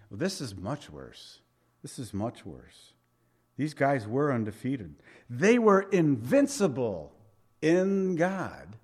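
Male pastor, sermon, slightly higher voice, chatty delivery with emphatic peaks and quiet asides. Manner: conversational preaching, rising for emphasis and dropping to soft asides.

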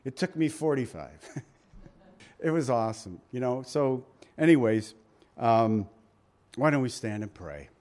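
A man's voice: mid-range voice, lively intonation, a little slow, pauses often, darkish tone. A man preaching a sermon, reading scripture and telling stories with acted quotes, his volume and pace swinging widely. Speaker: pastor.

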